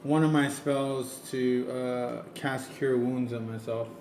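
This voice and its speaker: Male player, hesitant, mid-pitched, roomy echo. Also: steady tone, slow. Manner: hesitant, soft-spoken in character. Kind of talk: tabletop role-play. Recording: echoey room with faint noise.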